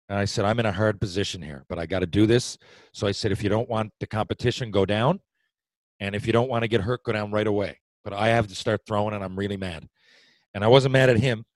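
A middle-aged man, a former hockey player, telling a story in a casual chat, animated and swearing freely. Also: lowish voice, no room sound, low-quality recording. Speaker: retired hockey player, podcast guest storyteller.

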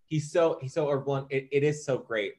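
A man co-hosting a film discussion podcast, talking in a measured, deliberate way as he builds his points. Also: mid-range voice, a little mellow. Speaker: podcast co-host.

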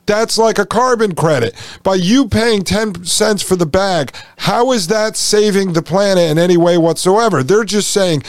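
Wry, higher-pitched male podcast host. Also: moderate pace, few pauses, no room sound. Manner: wry, sarcastic, addresses audience as folks. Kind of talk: casual conversational podcast talk.

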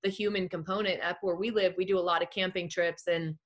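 A woman's voice: fairly low pitch, steady tone, quick pace. A woman hosting a casual conversation, speaking in a rambling way with many fillers.

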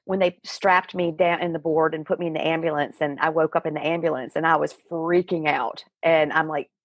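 A middle-aged woman, a guest in an interview, telling a personal story in an earnest, animated way. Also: deep voice, a little fast, dry recording. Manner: earnest, animated retelling with acted quotes.

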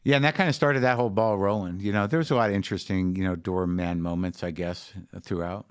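A man's voice: sits low, fast talker, smooth, no room sound, clean studio sound. A middle-aged man telling a long, rambling story in casual chat, profane and full of fillers. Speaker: guest comedian.

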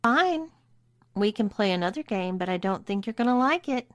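A woman's voice: mid-range voice, animated, normal speed, no room sound, studio quality, voice pushed up, natural voice. Lily, a mocking, bossy dominatrix read by a woman. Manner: teasing, mocking, commanding.

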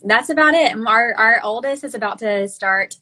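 A woman's voice: a little high, moderate pace, sharp tone, low-quality recording. A woman in her thirties from Arkansas with a Southern twang, chatting casually as a podcast guest over a video call, with many fillers and restarts. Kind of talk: casual chat.

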